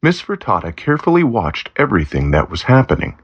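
A man reading a story aloud as narrator, steady and plain, lightly voicing the characters. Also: medium pitch, brisk, husky, muffled recording. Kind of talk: scripted narration of a graded reader story.

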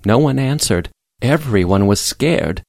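A man narrating a simple storybook in a plain, measured reading style. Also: mid-range voice, animated, vocal fry, a little mellow, no echo, clean studio sound. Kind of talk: scripted audiobook narration.

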